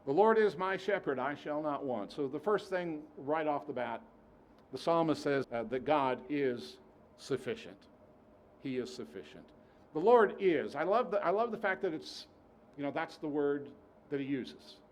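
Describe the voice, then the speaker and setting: A man preaching a sermon, emphatic, who repeats key phrases and swings between loud and soft. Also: a little high, normal speed, slight background noise.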